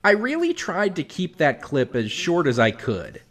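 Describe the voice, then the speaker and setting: A man's voice: fairly high pitch, wildly swooping pitch, measured pace, fairly bright tone. A man hosting a commentary video, responding to a clip in a sarcastic, exasperated, lecturing way.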